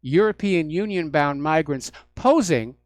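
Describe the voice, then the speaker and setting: A male talk radio host riffs through the news on his own, full of sardonic, mocking asides. His voice sits somewhat high for a man. He is recorded close and dry in a studio with no room echo. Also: lively intonation, measured pace. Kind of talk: solo talk radio commentary.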